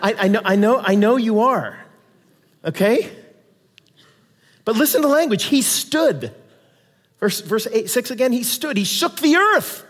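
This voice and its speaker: A man preaching a sermon in an animated, conversational way with dramatic Bible readings. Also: very high voice, a little slow, long pauses, big-room sound.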